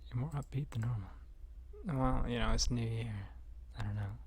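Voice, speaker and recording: A man's voice: mid-range voice, fairly even intonation, moderate pace, a little mellow, slightly rough. A man in a whispered ASMR live stream chat, rambling in dry, joking asides close to the mic.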